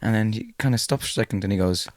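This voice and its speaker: A man's voice: on the low side, rapid-fire, dry recording. Man telling rude jokes, dry sound. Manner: tells rude jokes with laughing asides. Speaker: podcast co-host. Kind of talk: casual comedy chat. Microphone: close podcast mic.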